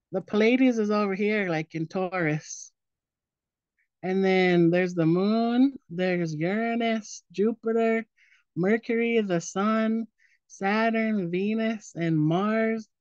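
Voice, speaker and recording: A woman's voice: mid-range voice, slow, no echo. A woman in her forties leads an online presentation in a loose, storytelling way, with plenty of "um" and "like." Her voice sits in a middle range. The audio is dry and slightly dull, as if from a video call. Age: 40s. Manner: relaxed storytelling with fillers like "um" and "like".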